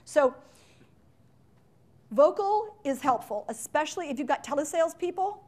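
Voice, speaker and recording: High-voiced woman teaching a playful workshop. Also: expressive, a little mellow. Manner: playful, chatty, quick asides and acted-out examples. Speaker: leadership and sales trainer. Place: meeting room with window blinds.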